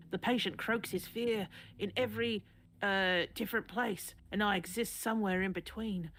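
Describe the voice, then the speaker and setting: A woman voicing a male wartime doctor who reads out his journal in a put-on Cockney accent, in a slow, measured live story reading. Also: medium pitch, lightly acted. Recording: noisy live stream audio.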